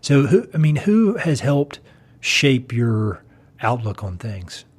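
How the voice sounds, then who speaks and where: A man hosting a podcast interview, asking questions in a slow, drawn-out way. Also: mid-range voice, sing-song, husky. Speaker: podcast host. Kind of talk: casual conversational interview.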